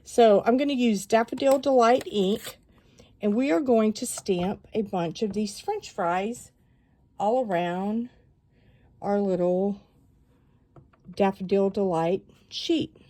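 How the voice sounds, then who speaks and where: A woman calmly walking viewers through a stamping craft project step by step, chatty and given to rambling asides. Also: medium pitch, takes it slowly, pauses often.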